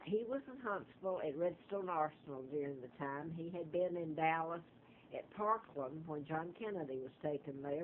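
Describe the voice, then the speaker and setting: Older woman in a vlog monologue, digressive and full of restarts; thin lo-fi audio, faint hiss. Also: low voice. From Alabama, US. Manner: digressive, halting, many fillers and restarts. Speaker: vlogger. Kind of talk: rambling personal monologue. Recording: tinny lo-fi phone-like audio with faint noise.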